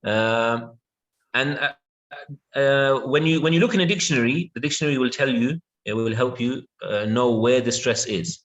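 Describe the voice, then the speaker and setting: A man giving an online English lesson in an everyday mid-range voice. He talks patiently, drawing words out and filling the pauses with yeah and okay while he checks that his students follow. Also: mid-range voice, a bit bright, lo-fi sound. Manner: patient, repeats words slowly with many yeahs and okays. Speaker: English teacher.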